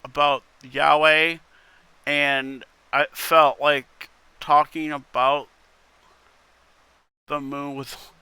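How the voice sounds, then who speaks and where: A man's voice: a little high, flat delivery, drawn-out words, pauses often, pushed and bright, clean tone, dry recording. A man reading internet posts aloud in casual commentary, wry and muttering, with casual swearing. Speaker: content creator reading posts.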